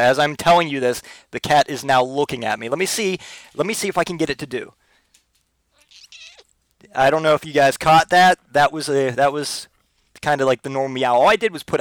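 A man's voice: medium pitch, fairly bright tone, no echo. A man hosting a casual solo podcast, telling rambling, profane, comic stories. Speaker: podcast host.

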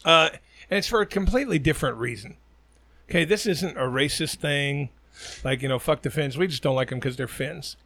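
A man's voice: a little high, a little fast, pushed and bright, dry recording. A man co-hosting a casual talk show, telling crude stories and ranting with constant swearing. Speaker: podcast co-host. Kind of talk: profane comedic rant.

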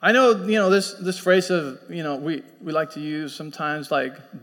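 A pastor preaching a sermon in a conversational, storytelling way, slipping into quoted voices. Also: male voice, fairly high pitch, fairly even intonation, normal speed, fairly bright tone. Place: church sanctuary. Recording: long church hall reverb.

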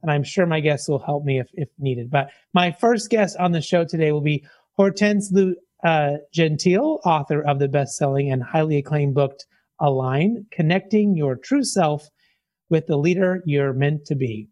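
A man's voice: on the high side, normal speed, a little mellow, dry recording. A man hosting a podcast, chatting casually and joking about himself as he introduces the show and his guest. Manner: chatty, self-deprecating, filler-heavy. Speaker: podcast host.

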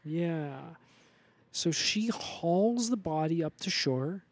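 A podcast co-host improvising a comedy story in a meandering, deadpan way with many fillers. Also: medium pitch, slow, no echo.

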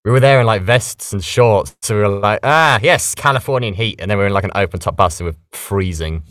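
A British man, a voice actor, chatting casually in an interview and explaining things in a lively, animated way. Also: fairly low pitch, quick pace, no echo. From Britain. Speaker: voice actor guest.

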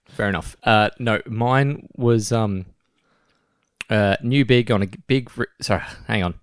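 In a casual podcast conversation, a male co-host laughs frequently and keeps restarting what he says. His clean-toned voice is on the low side and a little slow, captured dry at studio quality.

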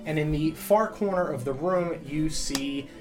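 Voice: medium pitch, unhurried, music in the background. A game master narrating a tabletop scene in a loose, rambling way, full of fillers.

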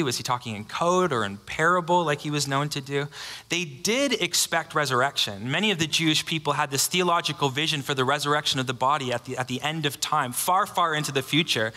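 A man preaching a sermon, telling the story earnestly and dropping to a hush for emphasis. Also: mid-range voice, big-room sound. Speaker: pastor.

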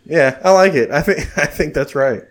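A man's voice: fairly high pitch, moderate pace. A man in a casual group chat, joking profanely and acting out mock quotes.

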